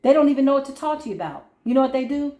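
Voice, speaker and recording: A woman doing a spiritual card reading who talks like a preacher one moment and drops into quiet asides the next, calling her listeners baby and boo. Her voice sits a little high. The room around her is audibly echoey. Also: animated, racing. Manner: emphatic, colloquial, calls listeners baby and boo; swings between preachy intensity and quiet asides. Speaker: spiritual reader. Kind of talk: casual spiritual pep talk during a card reading.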